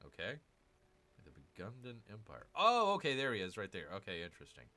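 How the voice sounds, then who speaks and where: A man's voice: on the low side, huge pitch swings, brisk, sharp tone. A man hosting his own gaming channel, chatting casually as he plays a strategy game, rambling and correcting himself with jokey asides to viewers.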